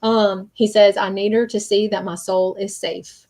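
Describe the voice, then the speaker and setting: A woman's voice: medium pitch, little pitch movement, a little slow, a little mellow. Woman medium, live-stream reading, earnest and checking in, ordinary mid-range voice. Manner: earnest, repeats "okay?" to check in, frequent ums.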